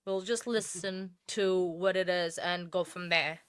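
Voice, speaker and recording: Woman, livestream host, bright voice, dry close sound, chatty with fillers. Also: on the low side, steady tone, a little slow, smooth, no echo. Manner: chatty, many fillers and restarts. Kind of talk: casual livestream chat.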